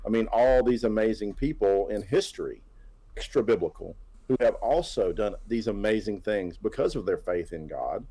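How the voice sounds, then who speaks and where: Male guest, lowish voice, upbeat, keeps checking in with listeners. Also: animated, moderate pace, warm tone, slightly rough, rough recording. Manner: enthusiastic, tags points with "right?". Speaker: comic creator guest. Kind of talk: casual interview chat.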